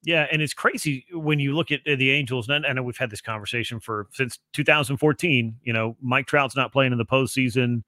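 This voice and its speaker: A man appearing as a podcast guest, giving long, fluent explanations in relaxed conversation. His voice is bright and forceful, though his pitch is average. The recording is dry and has no room sound. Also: brisk, few pauses, no echo. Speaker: guest analyst. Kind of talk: casual sports podcast talk.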